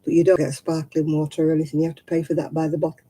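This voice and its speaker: A woman's voice: sits low, level tone, racing, mellow, low-quality recording. An older woman, chatting casually with viewers on a livestream and rambling as she explains everyday customs. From England. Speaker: livestream host.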